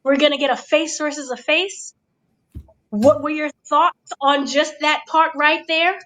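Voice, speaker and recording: A woman's voice: sits high, unhurried, rough recording. A woman hosting a casual wrestling recap, talking animatedly and acting out what the wrestlers said. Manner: animated, acts out quotes. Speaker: host.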